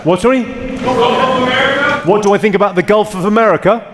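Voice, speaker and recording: Male English stand-up, deadpan crowd work, echoing live hall. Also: sits high. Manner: deadpan, quick comebacks. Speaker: stand-up comedian. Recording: live theatre, long reverb and loud noise.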